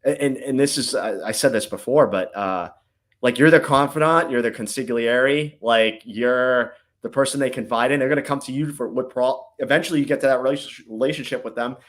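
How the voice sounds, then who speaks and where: A man's voice: medium pitch, a little fast. A man, a guest on a podcast, explaining his old job in loose, rambling talk that keeps checking in with "right?". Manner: rambling, filler-heavy, keeps adding "right?". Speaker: guest, former intelligence officer. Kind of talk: casual interview chat.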